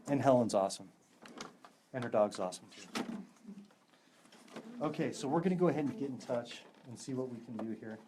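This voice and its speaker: A man's voice: mid-range voice, fairly quick, long pauses, background noise. A man, a psychic medium, leading a live ghost hunt in a room of a historic house, upbeat and laughing easily as he talks to the spirits. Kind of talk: live event chat.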